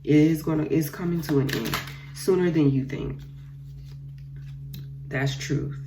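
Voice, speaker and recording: Against some background noise, a young woman with a low voice gives an unhurried, casual tarot reading. She addresses her viewers directly, blunt and profane, with repeated phrases.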